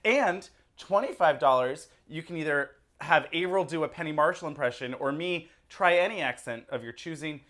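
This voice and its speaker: A man co-hosting a casual movie review podcast, enthusiastic and quick to laugh. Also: fairly high pitch, fairly bright tone. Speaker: podcast co-host.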